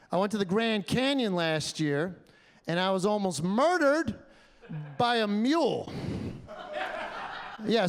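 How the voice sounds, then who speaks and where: A male stand-up comedian with a high voice, telling stories and jumping into characters. He speaks into a handheld mic on a club stage. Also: clean tone. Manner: animated storytelling with voiced act-outs.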